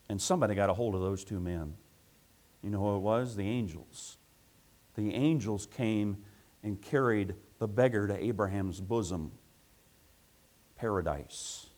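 A man preaching a sermon as pastor, building to loud emphatic peaks and asking rhetorical questions. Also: fairly low pitch.

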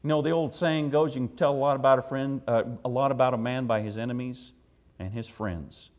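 A man preaches a sermon to his congregation, sharing a personal story in a folksy, conversational way. His tone stays steady and his pace fairly quick, shifting between emphatic, loud declarations and quiet, low asides.

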